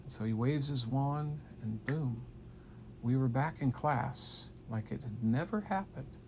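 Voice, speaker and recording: A man improvising a bedtime story for a child, animated and playful, at times dropping to a hush. His mid-pitched voice has a gravelly texture. Faint noise sits behind him. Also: unhurried. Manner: animated, playful, drops to hushed tones.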